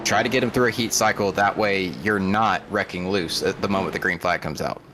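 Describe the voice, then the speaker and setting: A man giving relaxed, chatty color commentary on a sim race, often restarting his words. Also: deep voice, fairly quick, a little hiss or hum.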